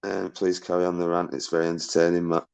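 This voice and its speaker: A man's voice: low-pitched, little pitch movement, quick pace, creaky, clear, resonant tone. A man on a livestream, agitated and swearing as he reads out and answers viewer messages. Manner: agitated and ranting, swears often, shouts out viewers.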